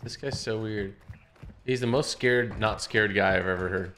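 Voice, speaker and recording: A man's voice: lowish voice, moderate pace, a bit bright. A young man hosting a casual gaming live stream, teasing opponents and calling out plays. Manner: playful, teasing trash talk. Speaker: streamer host. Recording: noisy game stream audio.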